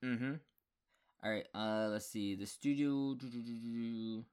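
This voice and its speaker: A man co-hosting a podcast, reading out trivia facts in casual chat, with filler pauses. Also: medium pitch, fairly even intonation, darkish tone, smooth. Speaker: podcast co-host.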